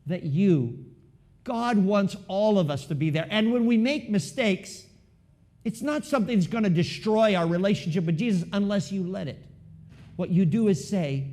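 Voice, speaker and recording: A pastor delivers a sermon to his congregation in a high, very lively voice at a moderate pace. He keeps it conversational, repeatedly asking the room questions, and swings between loud emphasis and hushed asides.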